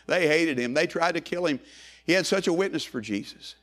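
Dramatic preaching man, fairly high voice. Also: brisk. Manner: dramatic, swings between loud calls and hushed low phrases; repeats phrases in rising cadence. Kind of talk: sermon.

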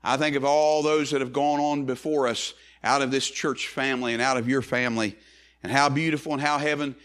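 A man preaching a sermon as pastor, swinging from quick, low asides to slow, high, emphatic rises on key phrases. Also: fairly even intonation, a bit bright.

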